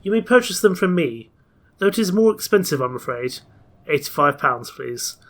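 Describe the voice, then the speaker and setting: A man's voice: a little high, big pitch swings, normal speed, a bit bright, full character voice. Man doing a brusque train guard, stern, matter-of-fact, story game.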